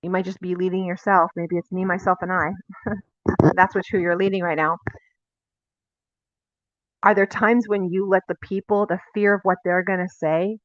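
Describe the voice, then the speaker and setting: A woman's voice: lowish voice, level tone, moderate pace, long pauses, no room sound, dull audio. A woman teaching a casual, conversational sermon, often turning to ask her listeners questions. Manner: conversational, confessional, asks the audience questions. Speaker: teacher of a Messianic Bible teaching.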